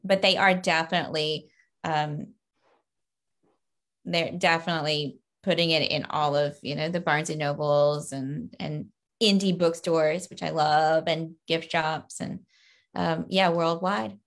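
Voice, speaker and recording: A woman from Louisiana, a children's book author, giving earnest, upbeat interview answers over a video call with lively bursts in her stories. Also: deep voice, unhurried.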